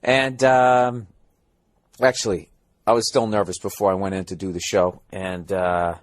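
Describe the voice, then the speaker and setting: American podcast host, sarcastic and foul-mouthed, ranting from a hotel room, dry recording. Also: male voice, sits low, little pitch movement, a little slow, dry recording. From United States. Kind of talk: rambling comedic monologue.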